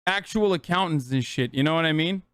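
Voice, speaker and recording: A man's voice: on the high side, a little fast, a bit bright, dry recording. A man in his thirties telling a rambling, sarcastic, profane story on a casual livestream. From United States. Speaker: streamer.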